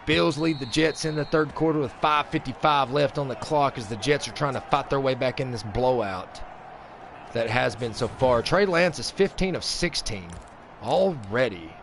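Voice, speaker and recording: A man hosting a sports video game channel, giving let's-play commentary in a mock play-by-play style. He vents and swings between flat grumbling and excited outbursts. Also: mid-range voice, normal speed, a little hiss or hum. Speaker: gaming channel host.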